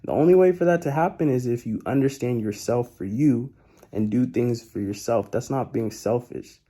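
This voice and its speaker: A man's voice: medium pitch, normal speed, mellow. A young man giving casual motivational life advice in a laid-back, slangy way, often repeating his key points.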